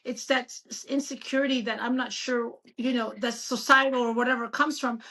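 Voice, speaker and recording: A woman in her fifties, a doctor chatting as a guest in an interview, telling stories in an animated, emphatic way. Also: fairly high pitch, brisk. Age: 50s. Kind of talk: casual interview chat.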